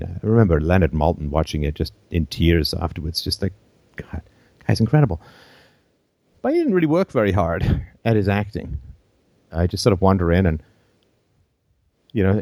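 A man's voice: low-pitched, a little mellow, dry recording. A man hosting a call-in show, telling long rambling anecdotes and chuckling as he goes.

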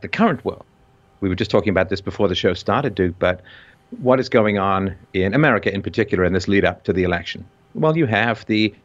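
A man's voice: fairly low pitch, highs cut off. A man with a vaguely British colonial accent, hosting an intense discussion and rising sharply when stressing a point. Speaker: podcast host.

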